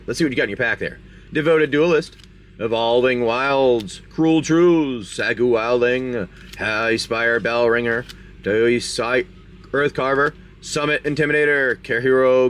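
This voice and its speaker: A man's voice: mid-range voice, a bit bright, slight background noise. A man hosting a live stream, chatty and rambling as he narrates a tabletop game and opens card packs. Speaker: game master and card-break host.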